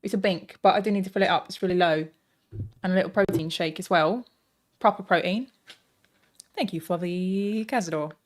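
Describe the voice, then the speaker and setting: A woman's voice: on the low side, brisk, long pauses. Sarcastic, swearing woman streamer. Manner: sarcastic, profane, deadpan joking. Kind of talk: live-stream chat.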